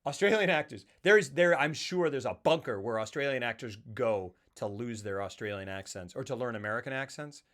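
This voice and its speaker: A man's voice: mid-range voice, expressive, fairly quick, few pauses, fairly bright tone. A man co-hosting a casual film talk show, rambling and acting out movie quotes in funny voices. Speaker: podcast co-host.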